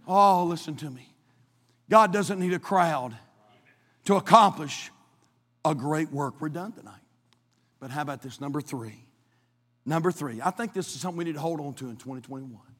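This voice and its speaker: A male pastor preaching a dramatic sermon, swinging from hushed tones to shouting, in a church sanctuary. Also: a little high, normal speed, pauses often, long reverb tail.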